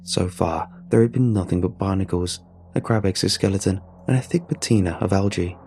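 A man's voice: sits low, brisk, a little mellow, slight background noise. A man reading a first-person adventure story aloud in a wry, sardonic manner. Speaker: narrator. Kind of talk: scripted story narration.

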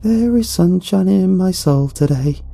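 A man doing a high, sing-song cult woman. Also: animated, unhurried, vocal fry, mellow, soft background music, full character voice. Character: dazed woman cult follower singing hymns.

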